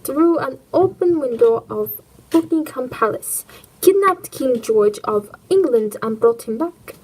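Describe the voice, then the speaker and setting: Clumsy German-accented wartime gossip voiced by a woman, halting and overdone, pitched up, slow and emphatic. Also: expressive, a little mellow, slightly rough, full character voice, poor audio. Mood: dramatic. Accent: put-on German. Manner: halting, self-consciously overdone.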